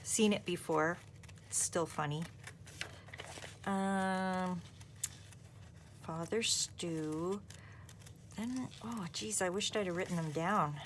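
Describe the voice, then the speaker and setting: A woman's voice: fairly low pitch, takes it slowly, pauses often, a little hiss or hum. A woman hosting a craft video, chatting in a rambling way and thinking aloud as she works. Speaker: craft channel host. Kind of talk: casual chat while crafting.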